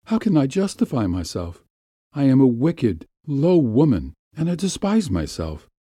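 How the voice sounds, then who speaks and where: A man's voice: mid-range voice, wildly swooping pitch, measured pace, warm tone, slightly rough, dry recording, clean studio sound, pitched above the performer's own voice, full character voice. A man reading as a tearful, remorseful young wife. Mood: anguished. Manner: anguished, self-reproaching confession.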